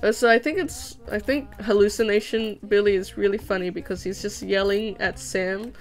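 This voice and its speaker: Rambling, excitable young woman streamer. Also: mid-range voice, normal speed. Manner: rambling, excitable, laughs often. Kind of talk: casual chat while drawing on stream.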